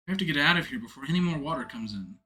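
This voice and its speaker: A man voicing a calm, practical young woman detective from a video game. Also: on the high side, very fast. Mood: steady. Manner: calm, explanatory.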